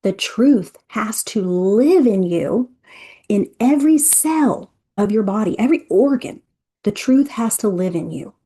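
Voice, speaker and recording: Woman running an energy workshop, warm mellow voice, chatty and expressive, talks right to you. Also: mid-range voice, a little slow, breathy edge. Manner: chatty and expressive, addresses listeners directly. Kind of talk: interactive workshop teaching.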